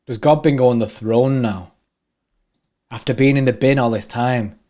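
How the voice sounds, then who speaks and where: A young man, talking at an ordinary mid pitch. He is chatty and easygoing, reads out comments from viewers and laughs readily. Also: fairly even intonation, normal speed, mellow. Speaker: watchalong co-host. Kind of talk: casual live-stream chat.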